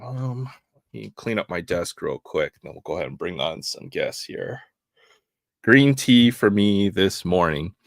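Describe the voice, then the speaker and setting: A man's voice: sits low, lively intonation, a little slow, vocal fry, no echo, studio quality. A man hosting a live stream, chatting casually, often laughing. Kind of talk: casual chat.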